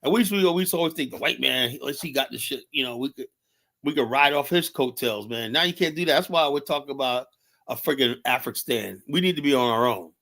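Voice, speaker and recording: A man's voice: mid-range voice, fast, vocal fry, pushed and bright. A man hosting a livestream, ranting in a heated, profane, rambling way with many restarts. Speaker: livestream host. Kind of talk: casual livestream rant. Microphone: streaming setup mic.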